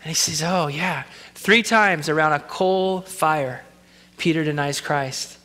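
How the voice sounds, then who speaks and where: A man's voice: on the high side, measured pace, bright, forceful tone, big-room sound. A man pastor preaching a sermon, in an earnest, conversational way.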